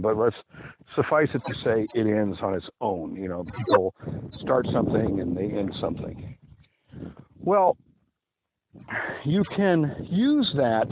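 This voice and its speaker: A man talking casually and opinionatedly in a rambling monologue, out of breath while outdoors by a river. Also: mid-range voice. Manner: rambling, opinionated, drawn-out emphasis. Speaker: podcast host. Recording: tinny phone-like audio with background noise.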